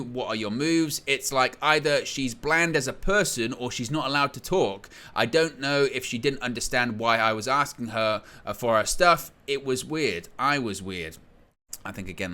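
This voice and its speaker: A man hosting a wrestling news show, reading out quotes from an interview with a lively storytelling delivery. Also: medium pitch, moderate pace.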